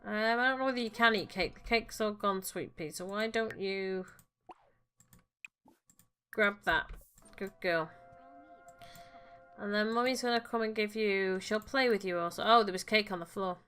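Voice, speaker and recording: While playing a life-sim game, a woman who hosts a gaming channel offers casual let's-play commentary and coos gently at the characters. She speaks at a moderate pace with a medium-pitched, steady tone. Soft music plays in the background.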